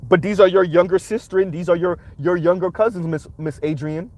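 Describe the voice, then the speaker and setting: A man's voice: high-pitched, steady tone, fairly quick, darkish tone. A man hosting a reaction commentary, talking emphatically and punctuating his points with rhetorical "right?"s. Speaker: commentary channel host.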